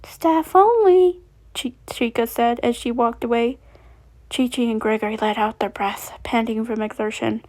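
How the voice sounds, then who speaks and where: Woman reading fanfic out loud, higher voice, trips on words. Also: completely flat delivery, normal speed. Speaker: storyteller. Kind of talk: reading fan fiction aloud.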